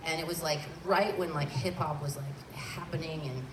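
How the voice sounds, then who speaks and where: A woman's voice: sits low, fairly even intonation, normal speed. A woman musician from Southern California chatting as an interview guest, rambling with many restarts and fillers. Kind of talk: casual interview chat. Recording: roomy, distant mic, crowd and noise.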